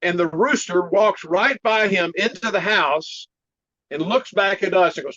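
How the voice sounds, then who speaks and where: A man tells a story in an interview, animated and quick to laugh. His voice sits a bit high for a man. The sound is dry and a little muffled, like a lo-fi call recording. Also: dry recording. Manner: animated storyteller, laughs often, clears throat. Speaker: martial arts teacher, interview guest.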